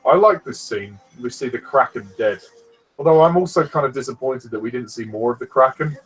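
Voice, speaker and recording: A man's voice: medium pitch, a little fast, slightly rough, soft background music, rough recording. A man chatting casually through a fan film commentary, easygoing and rambling, often laughing between remarks. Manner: easygoing, rambling, many fillers.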